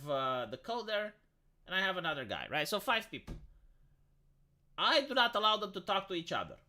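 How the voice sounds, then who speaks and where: Blunt, swearing streamer with a bright, lively voice. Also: mid-range voice. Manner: blunt, profane, rambling rant; self-interrupting, repeats words. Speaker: live streamer. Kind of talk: casual livestream chat.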